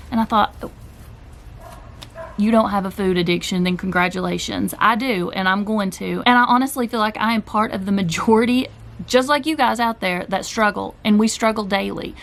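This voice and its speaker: A woman's voice: medium pitch, fairly bright tone. A woman in her forties talking candidly and heartfelt to her viewers in a personal vlog, direct and openly emotional at times, later cooking in her home kitchen. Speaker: keto vlogger.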